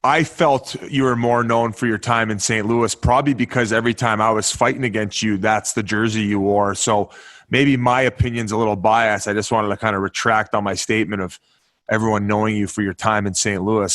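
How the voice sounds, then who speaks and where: A man co-hosting a podcast, a former hockey player, speaking in a measured way and correcting himself. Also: lowish voice, steady tone, fairly bright tone, dry recording. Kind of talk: casual chat.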